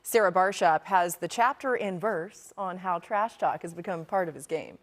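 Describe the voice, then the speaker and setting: A woman sideline reporter presenting sports news with a crisp delivery. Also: on the low side, normal speed.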